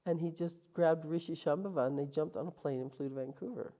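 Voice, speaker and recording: A woman's voice: deep voice, fast. A woman from Calgary, a guest in an interview, telling her story casually and acting out the lines of the people in it. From Calgary, Canada. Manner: animated, acts out quoted lines.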